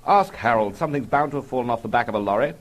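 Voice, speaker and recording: A man voicing a brusque, harried wartime policeman who shouts impatient questions. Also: mid-range voice, lively intonation, racing, close to an everyday voice. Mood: dismissive.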